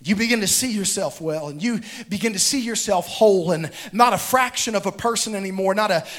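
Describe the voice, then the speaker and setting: A man preaching a sermon to a congregation, with rhythmic repetition that builds to fervent shouts. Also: sits high, a little fast. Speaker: pastor. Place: church sanctuary with congregation.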